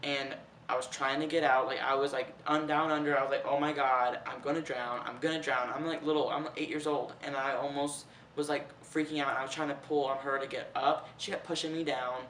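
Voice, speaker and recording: A man's voice: medium pitch, flat delivery, fairly quick, fairly bright tone, a little hiss or hum. A young man vlogging in a casual, chatty way, full of "like" and swearing freely. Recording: roomy echo, heard from a distance.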